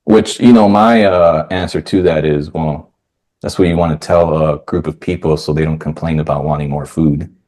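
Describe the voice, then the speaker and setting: A man's voice: extremely low pitch, fairly even intonation, normal speed, a little mellow. A man hosting a podcast, chatting casually and telling stories, often acting out what others said. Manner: chatty storyteller who acts out quoted voices. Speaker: podcast host. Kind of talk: casual conversation.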